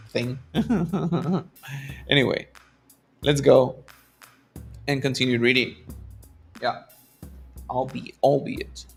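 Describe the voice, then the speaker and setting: A man's voice: mid-range voice, gravelly. A man whose first language is Spanish, teaching English to programmers in a casual lesson, switching between Spanish and English and laughing often at his own asides.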